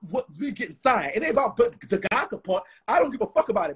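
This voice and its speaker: Rowdy high-voiced man, tipsy and loud. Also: fast talker, few pauses, slightly rough. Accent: Southern US. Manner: profane, rambling, animated. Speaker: host. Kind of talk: casual live stream chat.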